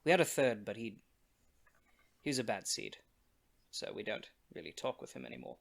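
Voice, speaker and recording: A man playing his character in a tabletop game, emotional and swinging from shouting to quiet talk. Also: fairly low pitch, big pitch swings, moderate pace, vocal fry. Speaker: player. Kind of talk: in-character tabletop role-play.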